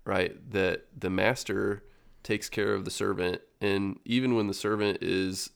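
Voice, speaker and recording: Gravelly low-voiced man reflecting. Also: steady tone, unhurried. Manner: reflective, hesitant with ums and uhs. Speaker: podcast co-host. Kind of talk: casual book discussion.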